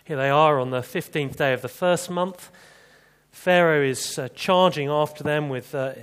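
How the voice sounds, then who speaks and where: Preacher, conversational, somewhat high voice. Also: male voice, moderate pace, fairly bright tone, clean tone. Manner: conversational, with rhetorical questions and humor. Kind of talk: expository sermon.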